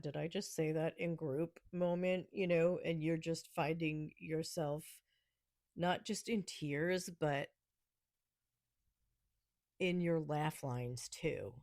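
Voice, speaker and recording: With a deep, creaky, darkish voice, a woman from New York hosts a solo podcast in a casual style. Her humor is sarcastic and snarky, and she laughs frequently between remarks, all captured in a dry, studio-quality recording.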